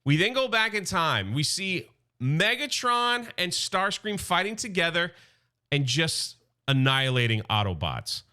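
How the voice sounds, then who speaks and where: A man hosting a casual comic book recap, chatty and animated, talking straight to his fans. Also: a little high, measured pace, clear, resonant tone.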